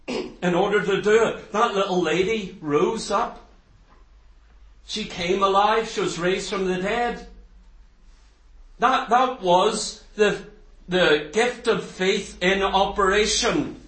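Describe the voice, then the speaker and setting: A man's voice: high voice, a bit bright. A man preaching a fervent sermon to his congregation, asking many rhetorical questions. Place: church hall. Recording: roomy echo, distant mic.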